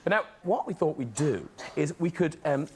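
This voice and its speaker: A man's voice: on the high side, expressive, moderate pace, darkish tone. A middle-aged man hosting a chat show, teasing and laughing often as he talks. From Ireland. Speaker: talk show host. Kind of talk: playful chat show banter. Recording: studio audience and noise.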